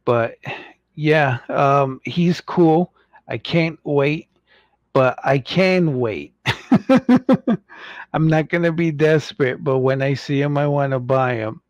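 A man from the United States chatting slowly on his livestream as host, rambling and jokey. His voice sits at an ordinary pitch, and the sound is dry and slightly muffled, like a home mic. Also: dry recording. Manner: rambling and jokey, mocking impatient fans in squeaky voices. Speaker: toy collector livestream host. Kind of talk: casual livestream chat.

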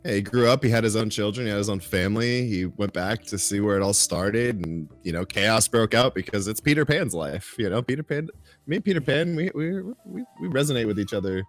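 Relaxed, jokey man chatting about a film. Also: lowish voice, fairly quick, few pauses, soft background music. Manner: relaxed, jokey, trails off with "you know". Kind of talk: casual movie review chat.

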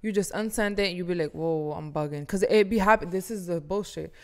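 A young woman co-hosting a casual podcast chat, animated and swearing freely as she acts out her own complaints. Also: medium pitch, a little fast. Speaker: podcast co-host.

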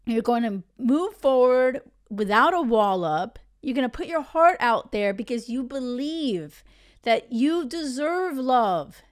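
A woman's voice: a little high, expressive, slow. A woman in her thirties hosting a podcast as a relationship coach, talking bluntly and emphatically and swearing freely. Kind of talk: casual podcast monologue.

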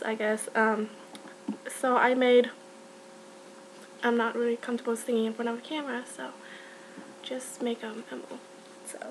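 A young woman giving rambling, giggly shout-outs in a casual vlog, full of fillers. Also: a little high, a little hiss or hum, low-quality recording. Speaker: vlogger.

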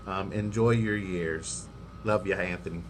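A man's voice: low voice, fairly even intonation, measured pace, over music. A man recording a farewell message to a retiring coworker, hesitant with frequent ums. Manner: warm, hesitant, many ums.

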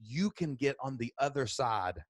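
A man, a podcast host telling a story loudly and excitably, then turning it into marketing advice. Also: medium pitch, no echo. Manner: loud, excitable, fast-moving. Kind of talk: animated storytelling.

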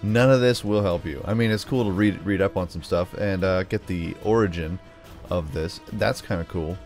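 A man's voice: low voice, normal speed, a little mellow, soft background music. A man hosting a let's play video, talking through a puzzle in a playful, rambling way. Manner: playful, rambling, explains puzzle steps aloud. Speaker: gaming video host.

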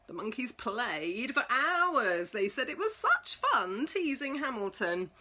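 A woman reading a children's storybook aloud, slow and expressive. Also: a little high, breathy edge. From England.

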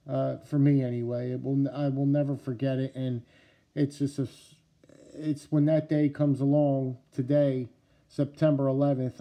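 A man with a New Jersey accent, talking casually to camera about his knife collection, halting with many fillers and restarts. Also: medium pitch, flat delivery, dark tone.

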